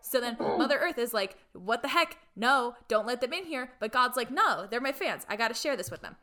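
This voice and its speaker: Bright-voiced chatty woman. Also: fairly high pitch, animated, fairly quick. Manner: chatty, full of "like" fillers; playfully irreverent asides. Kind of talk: casual chat retelling a film plot.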